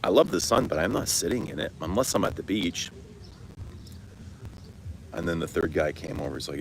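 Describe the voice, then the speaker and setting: On a livestream where he answers comments, a middle-aged man from Canada who vlogs about fragrance talks perfume, swearing freely, laughing, and telling stories with energy. His low-pitched voice carries vocal fry and long pauses at a moderate pace, and the poor recording has a little hiss or hum.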